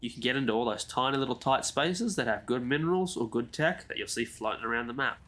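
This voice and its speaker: A man's voice: mid-range voice, expressive, fast talker, fairly bright tone. Easygoing man narrating gameplay. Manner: easygoing, chatty, rambles into asides. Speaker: gaming YouTuber. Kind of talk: casual game walkthrough commentary.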